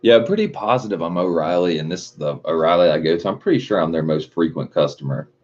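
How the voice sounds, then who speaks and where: Over dull lo-fi stream audio, a livestream host talks quickly in a low, expressive, slightly mellow voice. His casual chat is rambling and full of swearing, with frequent chuckles.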